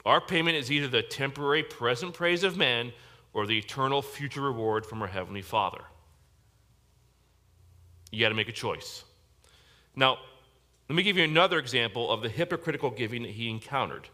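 A male pastor delivers a sermon in a church service with a bright, forceful tone. He speaks emphatically and directly, stressing his points. He keeps turning to the congregation with questions. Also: mid-range voice, brisk, long pauses.

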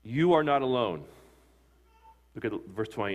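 A man's voice: medium pitch, expressive, moderate pace. A man, a pastor, preaching a sermon with emphatic delivery, asking his listeners questions and answering them. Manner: emphatic preaching with rising and falling loudness, asks the congregation questions.

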